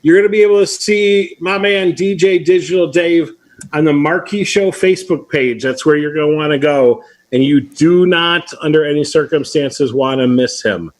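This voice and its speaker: A man's voice: fairly high pitch, moderate pace. Chatty man hosting a live stream. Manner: chatty storyteller with playful teasing. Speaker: host. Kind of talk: casual chat on a livestream.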